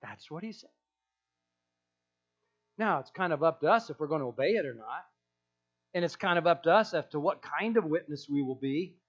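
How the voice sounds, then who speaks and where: A man's voice: on the high side, expressive, moderate pace, long pauses, lo-fi sound. A male pastor preaching a sermon in an emphatic way, repeating key phrases for weight.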